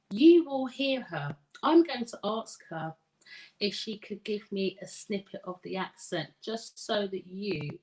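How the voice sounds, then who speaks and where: A woman's voice: mid-range voice, rough recording. A middle-aged woman hosting a live stream, chatting with viewers and reading their comments aloud. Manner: slow, warm, chatty with viewers, laughs easily. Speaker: live show host and coach.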